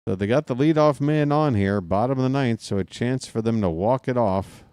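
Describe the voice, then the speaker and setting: Mellow-voiced man calling baseball from home. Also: mid-range voice, moderate pace, clear, resonant tone, no room sound, clean studio sound. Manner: casual, wisecracking, drifts into asides. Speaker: play-by-play broadcaster. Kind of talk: live baseball play-by-play stream. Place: home apartment.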